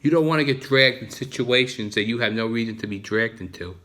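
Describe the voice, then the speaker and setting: Male vlogger, New Jersey accent, mid-pitched, casual monologue, lots of restarts. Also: brisk, pushed and bright. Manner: repetitive, frequent restarts.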